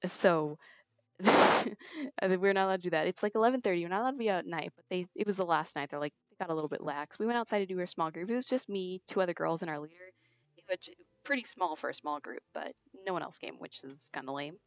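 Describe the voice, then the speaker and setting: A woman's voice: fairly low pitch, fast talker, clear, resonant tone, no room sound. Teen girl, casual gaming stream, rambling and giggly, lo-fi earbud mic. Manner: giggly, chatty, rambling storyteller. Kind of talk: casual chat while gaming. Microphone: earbud headset mic. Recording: dry, dull lo-fi earbud mic.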